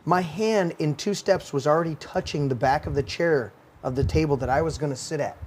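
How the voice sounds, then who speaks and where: Man ranting heatedly, slightly high voice. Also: brisk, darkish tone. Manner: heated, profane storytelling rant. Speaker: podcast host. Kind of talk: casual ranting talk show.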